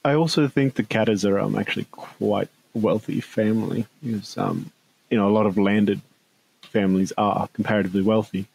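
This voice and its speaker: Gravelly low Australian man musing. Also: steady tone, normal speed, darkish tone, slight background noise, low-quality recording. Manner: musing, trails off with many fillers. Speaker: podcast co-host. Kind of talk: casual discussion.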